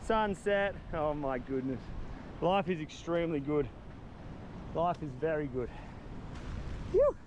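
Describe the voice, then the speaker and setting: A man's voice: on the high side, big pitch swings, slow, long pauses, background noise. A man with an Australian accent narrating an outdoor survival vlog, upbeat and explaining each step as he works. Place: outdoors on a coastal cliff.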